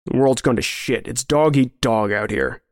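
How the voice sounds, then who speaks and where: A man's voice: mid-range voice, dry recording, clean studio sound, lightly acted. A man playing a menacing, sneering brute. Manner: sneering, menacing, slow counting. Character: brutal bearded man, menacing, laughing at the world.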